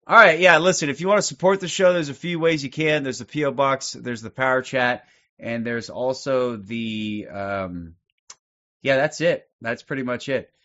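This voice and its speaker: A man talks casually to his livestream audience from his couch, drifting between thoughts with fillers and frequent swearing. His voice is bright and tense. The recording sounds a little dull and lo-fi. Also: mid-range voice, normal speed. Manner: rambling, profane, many fillers. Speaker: livestream host. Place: sitting on a couch at home.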